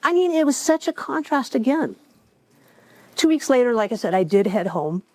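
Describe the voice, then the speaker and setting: A woman telling a personal story live at a cafe event, reflective, with measured pauses and wry asides. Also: a little high, sing-song, a little mellow, no room sound, rough recording.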